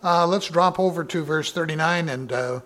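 A man giving a Bible study sermon, reading verses aloud with raised emphasis and explaining them in a loose, conversational way with many fillers and some throat clearing. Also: a little high, normal speed, fairly bright tone. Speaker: Bible teacher.

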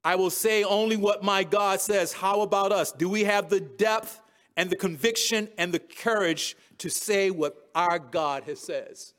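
High-voiced preacher retelling scripture. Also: male voice, unhurried, a bit bright. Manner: storytelling, retelling scripture in modern words; chuckles at his own jokes. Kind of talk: expository sermon.

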